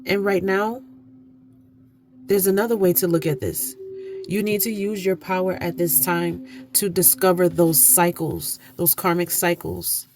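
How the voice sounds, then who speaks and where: A woman's voice: lowish voice, steady tone, a little slow, background noise. Earnest, preachy woman card reader. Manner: earnest, preachy, repeats phrases for emphasis. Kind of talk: oracle card reading. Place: indoor room, candles lit.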